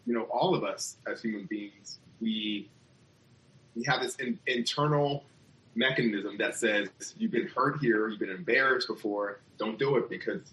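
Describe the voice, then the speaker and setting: Low-voiced man in an echoey room. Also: moderate pace, fairly bright tone. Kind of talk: casual chat.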